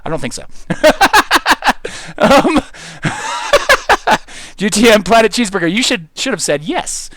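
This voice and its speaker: Excitable giggly man streaming. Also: high voice, slow pace, long pauses, no echo. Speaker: game streamer. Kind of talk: casual live-stream commentary.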